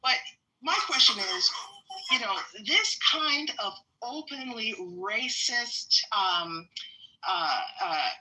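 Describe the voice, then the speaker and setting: A woman's voice: fairly high pitch, lively intonation, slow, pushed and bright, poor audio. A woman panelist asking earnest, probing questions in a debate.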